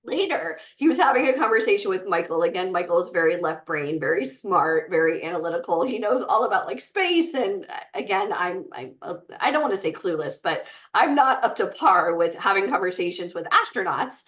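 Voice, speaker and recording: A woman's voice: lowish voice, expressive, a little fast, few pauses, fairly bright tone, recorded from a distance, lo-fi sound. A woman speaking to a live group, retelling a personal story in a chatty way with many fillers. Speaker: bootcamp speaker.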